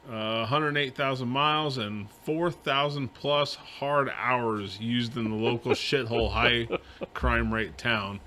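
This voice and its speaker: A man's voice: mid-range voice, pushed and bright, slight background noise. A man co-hosting a casual podcast, throwing in dry jokes and reading out a listener question. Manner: dry, joking interjections, reads listener questions. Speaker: podcast co-host. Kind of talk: casual chat.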